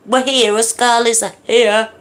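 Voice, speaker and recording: A woman's voice: fairly high pitch, steady tone, a little slow, a little hiss or hum. A woman hosting a casual livestream, chatting with viewers and apologising often, sometimes dropping to a whisper. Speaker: livestream host. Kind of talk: casual live chat with viewers.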